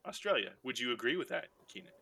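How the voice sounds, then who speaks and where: A man's voice: mid-range voice, fast talker, vocal fry, slightly rough, dry recording. A man hosting a casual movie-rewatch podcast, chatty and jokey, often laughing as he talks. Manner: animated, laughing, jokey asides. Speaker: podcast host.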